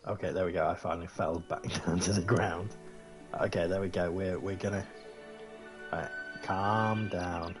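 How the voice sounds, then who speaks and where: A man's voice: sits low, steady tone, normal speed, soft background music. A man around forty giving chatty, joking gameplay commentary while thinking aloud. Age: 40s. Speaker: gaming YouTuber.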